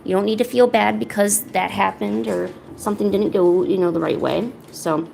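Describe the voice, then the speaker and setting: A woman's voice: medium pitch, steady tone, moderate pace, creaky, hardly any pauses, a little mellow, slight background noise. A young woman streaming as she paints, chatting casually and rambling to her viewers. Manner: rambling, chatty, talks to chat and a pet. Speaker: art streamer. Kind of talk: casual livestream chat while painting.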